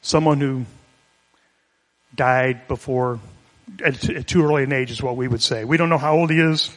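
A pastor giving a conversational, explanatory sermon, retelling a scripture story in plain everyday words. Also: male voice, mid-range voice, steady tone, moderate pace, a bit bright. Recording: long hall reverb.

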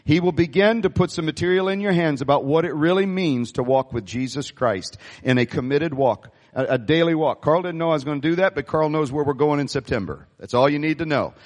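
Guy pastor preaching, kinda high voice, big echoey church, gets the crowd to answer back. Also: fairly quick, hardly any pauses. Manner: animated, calls on the congregation to respond. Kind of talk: sermon. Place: church sanctuary.

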